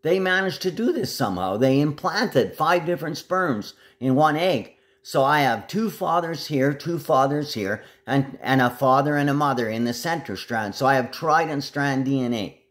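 A man delivering a rambling, agitated monologue to camera, jumping from one topic to the next. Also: mid-range voice.

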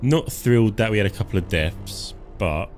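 Male streamer, lowish voice, loose and jokey, quiet game music underneath. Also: moderate pace. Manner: joking, chuckles often, self-talk while playing. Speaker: live-stream gamer. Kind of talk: casual live game commentary.

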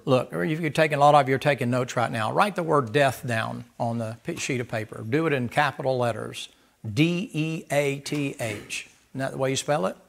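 A man preaching a sermon in a folksy, animated way, acting out little dialogues. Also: mid-range voice, quick pace, gravelly, few pauses.

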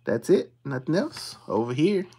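A streamer, calling out scratch-off symbols one by one and muttering quietly while checking them. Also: medium pitch, moderate pace, creaky, slight background noise. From Texas. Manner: reads symbols aloud in a steady list, dropping to hushed mutters when checking. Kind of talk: casual play-by-play of scratching tickets.

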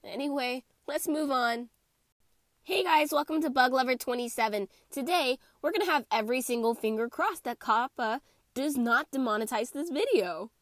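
A young woman with a stuffy, congested voice, hosting a playful, animated chemistry lesson. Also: high voice, normal speed, dry recording, clean studio sound. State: congested from a cold. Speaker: chemistry video host. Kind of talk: casual explainer lesson.

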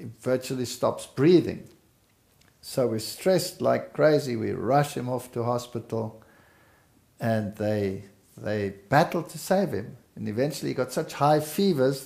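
In a conversation, a middle-aged man from South Africa slowly and earnestly shares his family's history as personal testimony about his life. His voice is medium-pitched, gravelly, and dark in tone.

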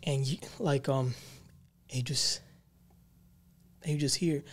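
A man hosting a casual paranormal podcast, telling a ghost story in an unhurried, meandering way. His speech is loose and slangy, packed with fillers. His voice sits at an ordinary middle pitch. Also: steady tone. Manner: rambling, filler-heavy, slangy. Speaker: podcast co-host.

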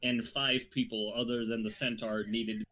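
A man narrating a tabletop game as game master, describing the scenes deliberately and laughing often. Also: medium pitch, level tone, pushed and bright.

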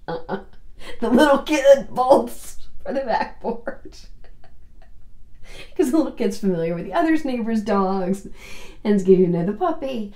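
A woman's voice: fairly high pitch, echoey room. A woman casually telling a personal anecdote, laughing often as she talks. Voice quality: laughs often, slow and animated, drawn-out phrasing. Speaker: storyteller host.

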